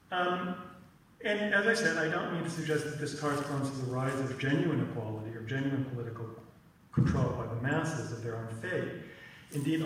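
Halting man lecturing in an echoey room. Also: medium pitch, a little hiss or hum. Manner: halting, repeats words, many ums and "right?" tags. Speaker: teach-in speaker. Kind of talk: lecture with frequent fillers. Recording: echoey room, mic far off.

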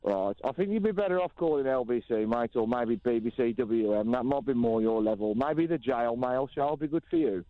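A man's voice: medium pitch, fairly quick, hardly any pauses, no room sound. A man with a Black Country accent hosting a comedic late-night radio phone-in, brash, impatient and dismissive with callers. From Black Country, England. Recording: dry, slightly muffled radio audio.

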